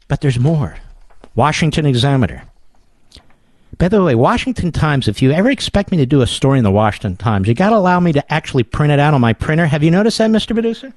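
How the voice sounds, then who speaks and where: A man's voice: a little high, very animated, fast talker, a little mellow, dry recording, studio quality. A man hosting a political talk radio show, delivering a combative and sarcastic monologue.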